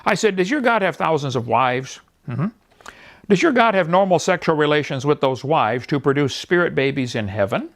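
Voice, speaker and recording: An evangelist in his sixties delivers a mocking, scornful sermon-style talk, laughing at the views he criticizes and performing the people in his stories with quoted voices. His voice sits on the high side at a moderate pace.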